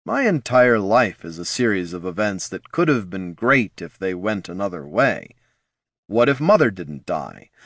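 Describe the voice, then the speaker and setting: A calm male wizard, level and matter-of-fact, who waves off every feeling, as a man reads him. The lines still rise and fall with life. The sound is close and dry. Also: mid-range voice, dry recording, full character voice.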